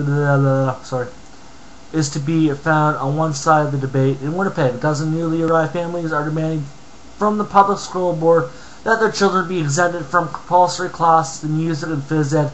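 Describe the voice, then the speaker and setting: A man with a somewhat high voice reads an article aloud and keeps cutting in with heated, profane rants. There is a faint hiss of noise behind him. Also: a bit bright, low-quality recording. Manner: profane, ranting, interrupts his own reading. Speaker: commentator reading and reacting to an article. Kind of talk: angry ranting commentary.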